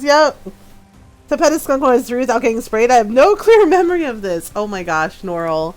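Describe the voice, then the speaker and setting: A woman's voice: high-pitched, expressive, normal speed. A woman streaming a video game, chatting casually and laughing often as she tells stories. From her father's home in Texas. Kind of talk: casual gameplay chat.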